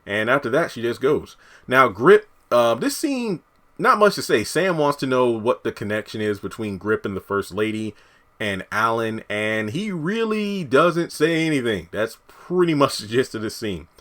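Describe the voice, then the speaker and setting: A man's voice: mid-range voice, sing-song, moderate pace, a bit bright. A man reviewing a TV episode, recapping the plot in a loose, rambling way with frequent fillers and restarts.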